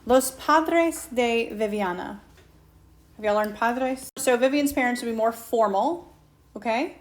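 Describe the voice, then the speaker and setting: A woman teacher, slowly and patiently walking students through a Spanish lesson and asking them questions. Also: on the high side. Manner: slow patient explaining, asks students questions. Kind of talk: recorded whiteboard lesson. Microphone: tablet mic.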